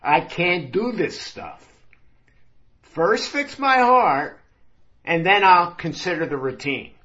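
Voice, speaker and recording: A man's voice: sits high, big pitch swings, slow pace, pushed and bright, lo-fi sound, heavily acted. A man voicing a whiny middle-aged patient with a bad heart who protests and pleads his way out of exercise. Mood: protesting.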